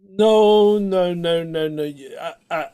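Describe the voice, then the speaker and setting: A man's voice: a little high, expressive, a little slow, darkish tone. A man co-hosting a podcast, blunt, sweary and teasing, laughing often. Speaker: podcast co-host. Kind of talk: casual chat.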